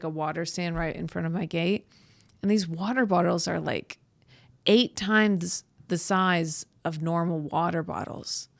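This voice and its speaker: Gravelly low-voiced woman podcast host. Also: no echo. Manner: crude, irreverent, self-mocking. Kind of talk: rambling comedic monologue.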